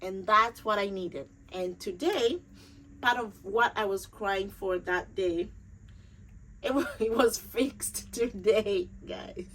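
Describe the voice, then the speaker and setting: A woman's voice: medium pitch, slow pace, a bit bright, low-quality recording. Earnest woman sharing a grieving story. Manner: emotional, earnest, repeats phrases for emphasis. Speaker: vlogger. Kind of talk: personal storytelling to camera.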